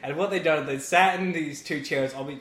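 A man's voice: on the high side, moderate pace, a bit bright. A young man telling a story in casual chat, laughing and swearing casually. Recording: echoey room.

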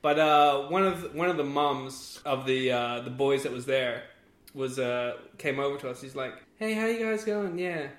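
Bright-voiced Australian man, laughing. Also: medium pitch, level tone, normal speed. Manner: chatty, laughs through his stories. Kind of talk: casual chat, anecdote telling. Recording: echoey room.

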